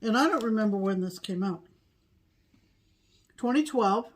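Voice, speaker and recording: A woman's voice: mid-range voice, lively intonation, moderate pace. A woman co-hosting a casual chat, gushing and repeating her praise. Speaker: co-host.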